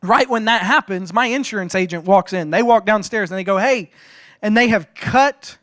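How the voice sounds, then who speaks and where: Pastor guy with a high voice, joking around in his sermon, lots of restarts, dry sound. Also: fairly quick, no room sound. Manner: animated, joking, frequent restarts. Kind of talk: sermon storytelling.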